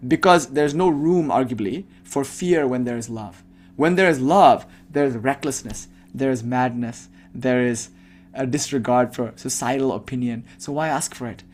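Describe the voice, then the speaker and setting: A man's voice: mid-range voice, normal speed, a little mellow. A man giving a devotional talk as a spiritual teacher, turning into a blunt, impassioned rant that swears freely and mocks the people he imagines asking him questions.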